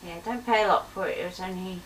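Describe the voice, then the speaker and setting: A woman's voice: lowish voice, fast, a little hiss or hum, low-quality recording. A woman co-hosting a craft stream, chiming in with short remarks. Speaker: co-host. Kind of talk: casual chat.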